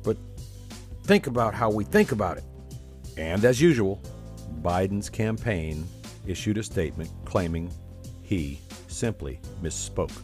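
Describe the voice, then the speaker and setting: A male commentator delivering sarcastic political commentary, his pitch swinging widely as he mocks his subject. He sounds scornful and biting throughout. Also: expressive, a little slow, darkish tone, soft background music. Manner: scornful, mocking.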